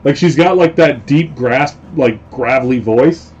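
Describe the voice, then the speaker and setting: A man of middle pitch hosts a casual live stream, talking in a loose, rambling way. He leans on fillers and keeps repeating the same stock phrases. The audio is a bit muffled and dull. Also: measured pace, a little mellow, slightly rough. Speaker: host.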